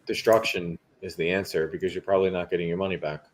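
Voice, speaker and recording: A man with a low voice co-hosts a casual chat. He explains things in a measured, steady way. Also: a little hiss or hum.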